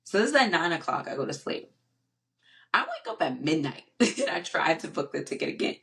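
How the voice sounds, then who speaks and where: A woman hosting her own faith podcast, telling a personal story in a casual, animated way with many fillers, acting out her own past words. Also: deep voice, brisk, gravelly. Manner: frequent fillers and repetition. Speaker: podcast host.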